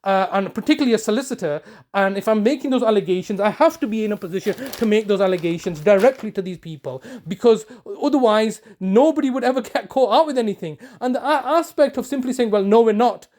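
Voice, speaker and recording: A man's voice: sits high, animated, fast, few pauses, darkish tone. A man arguing insistently on a phone call, repeating himself and stumbling over restarts. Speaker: campaigner confronting a solicitor on a call. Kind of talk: heated phone argument, then commentary to camera.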